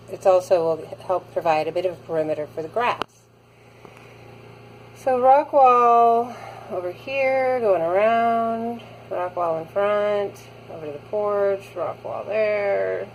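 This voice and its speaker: A woman's voice: fairly low pitch, a little mellow, slight background noise, rough recording. A woman chatting casually as she vlogs her garden work, thinking aloud with fillers, recorded outdoors. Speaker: vlogger. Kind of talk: casual garden vlog narration.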